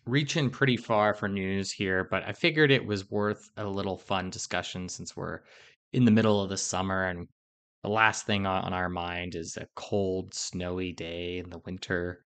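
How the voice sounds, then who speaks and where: A man hosting a sports podcast, steering the topics in a measured way with some "um" fillers. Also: low-pitched, steady tone, a bit bright, clear, resonant tone. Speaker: podcast host.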